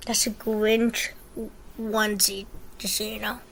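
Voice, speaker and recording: A woman's voice: mid-range voice, little pitch movement, a little slow, vocal fry, fairly bright tone, slight background noise, poor audio. A woman making a reaction video, chatting casually to the camera and herself.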